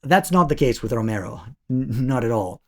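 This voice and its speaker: Male film reviewer, middle pitch, thoughtful analytical delivery with restarts. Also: animated, normal speed. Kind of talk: video essay commentary.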